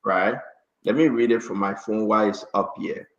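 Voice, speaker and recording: A man hosting a live radio talk show, reading an official order slowly and pleading with guests who interrupt him. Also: fairly low pitch, steady tone, fairly bright tone, echoey room, lo-fi sound.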